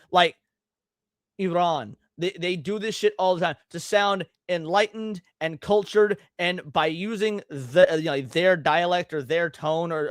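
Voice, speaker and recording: A man's voice: a little high, no echo, studio quality. A man hosting a live stream, reacting to clips with blunt, profane, emphatic rants. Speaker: streamer host.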